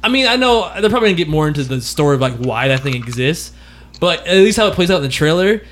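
A man's voice: on the high side, big pitch swings, quick pace, fairly bright tone. A man hosting a podcast, chatting loosely about movies, often laughing and swearing. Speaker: podcast host. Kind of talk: casual movie chat.

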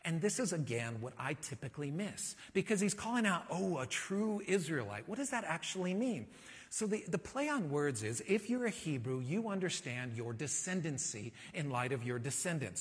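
A man preaching a sermon as pastor, talking in a conversational, animated way and asking the congregation rhetorical questions. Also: high-pitched, breathy edge, in a large hall.

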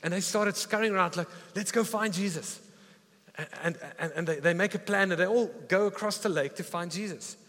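Animated preacher man in reverberant hall. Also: high-pitched, quick pace, few pauses. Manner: animated storytelling, emphatic retelling. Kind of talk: sermon. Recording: reverberant hall with faint music.

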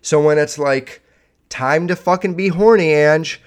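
A man's voice: on the high side, measured pace. Rambling, profane man hosting a podcast. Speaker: podcast host. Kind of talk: casual podcast chat.

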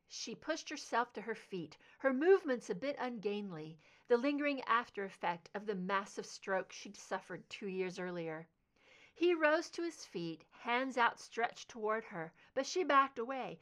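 A woman reading fan fiction aloud, narrating in an expressive, emotive way. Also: medium pitch, unhurried. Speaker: audiobook reader.

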